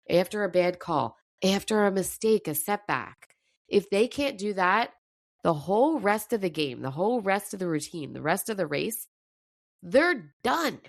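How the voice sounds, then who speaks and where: A woman's voice: on the low side, big pitch swings, measured pace, gravelly, dry recording, studio quality. A woman coach giving a fired-up motivational talk, her voice slightly scratchy. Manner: emphatic, fired up. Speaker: mental performance coach.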